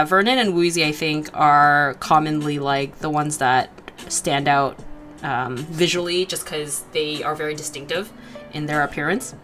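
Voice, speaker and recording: A woman's voice: low-pitched, sharp tone. A young woman hosting an art livestream, chatting casually and giggling, with lots of fillers while she draws. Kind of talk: casual chat while drawing.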